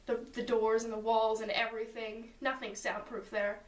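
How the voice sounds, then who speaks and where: A high-pitched woman chats through a story in a loose, rambling way, stringing thoughts together with little asides. Her voice sits back from the mic and rings around a roomy space. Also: flat delivery, normal speed, recorded from a distance. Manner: chatty, rambling with many "like" and "and so" asides. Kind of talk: casual storytelling to a friend. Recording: roomy sound from away from the mic.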